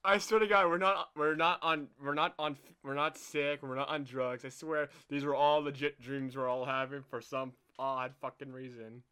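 A young man co-hosting a casual podcast, talking in an animated way with lots of laughs, fillers and restarts. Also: medium pitch, moderate pace, hardly any pauses, smooth. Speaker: podcast co-host. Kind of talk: casual chat.

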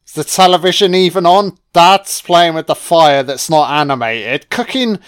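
A man's voice: on the high side, normal speed, few pauses, smooth. A man giving a sarcastic, foul-mouthed comedic commentary on a film. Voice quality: sweary, sarcastic, deadpan. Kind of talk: profane comedic movie commentary.

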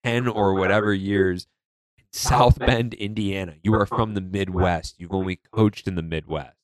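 A young man co-hosting a podcast in casual chat, animated and mocking, swearing freely. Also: low voice, normal speed, no echo. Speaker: podcast co-host.

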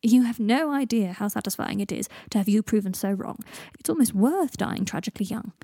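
A woman's voice: medium pitch, expressive, a little fast, warm tone, no echo, clean studio sound. A woman voicing a frail young man with a wry, subdued manner in a story reading.

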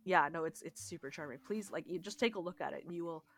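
A woman's voice: fairly low pitch, fast talker, a bit bright, a little hiss or hum. A woman co-hosting a podcast in casual chat, gushing and swearing often as she recommends things. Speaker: podcast co-host.

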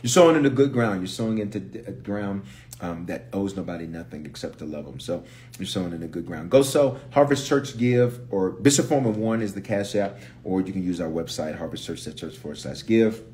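Low-voiced pastor chatting on a livestream. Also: male voice, brisk, a little hiss or hum. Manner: energetic, reads viewer comments aloud. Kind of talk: casual livestream chat.

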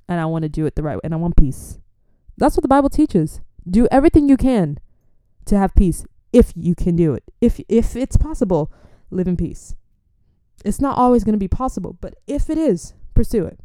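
A young woman from an immigrant family, talking in a chatty, animated way as she gives faith-based life advice and laughs often. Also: lowish voice, fairly quick, no room sound, clean studio sound. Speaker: Christian vlogger. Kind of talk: casual advice talk.

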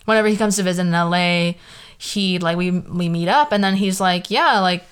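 Hosting her own laid-back podcast, a woman in her 20s from the San Fernando Valley, California, talks in a Valley girl accent with a lowish, smooth, brisk voice and fairly even intonation. She rambles, packs her speech with "like," and sounds questioning.

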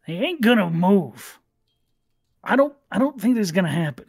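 A man's voice: high voice, very animated, normal speed, gravelly, a little mellow, breathy edge, no echo, studio quality, pitched above the performer's own voice, heavily acted. A man voicing a grumpy, sleepy female bugbear sailor who talks bluntly and dismissively. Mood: doubtful.

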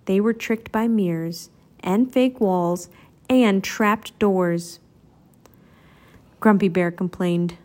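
A woman's voice: medium pitch, takes it slowly. A woman reading a children's storybook aloud, narrating expressively. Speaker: storybook reader.

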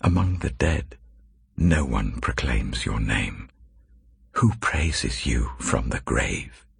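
A man slowly and solemnly reading scripture aloud, with a very deep, gravelly, husky voice. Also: dry recording, clean studio sound. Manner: slow, measured, expressive reading. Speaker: scripture reader.

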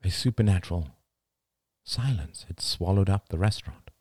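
A man reading a novel aloud as an audiobook, with expressive, dramatic storytelling. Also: sits low, moderate pace, husky, no echo, studio quality. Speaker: audiobook narrator. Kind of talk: scripted audiobook narration.

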